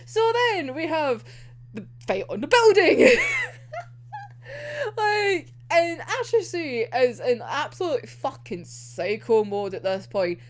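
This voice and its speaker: Animated, excitable young woman recapping manga. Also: high-pitched. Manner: emotional, swearing, laughing and groaning over the story; acts out characters' lines in quick quoted asides. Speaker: manga reviewer.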